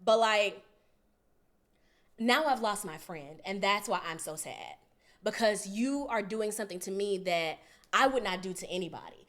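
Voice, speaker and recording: Animated woman telling a heated story. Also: mid-range voice, moderate pace. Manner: animated, profane, acts out both sides of arguments. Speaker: podcast co-host. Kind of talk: casual storytelling.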